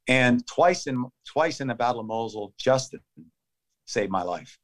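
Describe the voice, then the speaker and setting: A man in his fifties being interviewed, telling a story in urgent, clipped phrases that come out in a fast play-by-play. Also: mid-range voice, lively intonation, fairly bright tone. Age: 50s. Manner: vivid, urgent play-by-play retelling of combat. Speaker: interview guest. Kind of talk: conversational storytelling.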